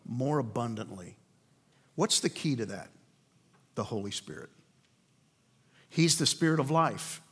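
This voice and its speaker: A man preaching a sermon to a men's group, earnest and asking rhetorical questions, slowing down to land key points. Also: medium pitch, animated, a bit bright, breathy edge.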